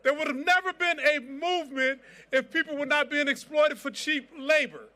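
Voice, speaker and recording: A man's voice: extremely high pitch, moderate pace, sharp tone. A man giving a fiery rally speech as a civil rights organization president, with a preacher-like cadence and rousing repeated chants.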